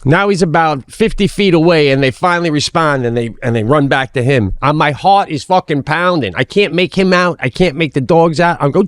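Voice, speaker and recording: A middle-aged man co-hosting a podcast, telling a story in casual chat, animated and swearing freely, acting out his own shouting. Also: a little high, moderate pace, no room sound, studio quality. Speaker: podcast co-host.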